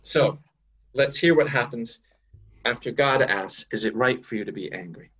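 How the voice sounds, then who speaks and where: A man from the USA, a minister giving a sermon in a conversational, animated way, often adding "right?". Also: mid-range voice, normal speed, husky. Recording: dull lo-fi recording.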